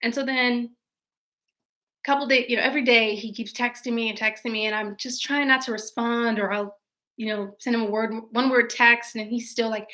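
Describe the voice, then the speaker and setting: Bright, chatty young woman live-streaming. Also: a little high, moderate pace. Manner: chatty, animated storytelling with answering of viewer questions. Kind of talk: casual live-stream chat and storytelling. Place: at home.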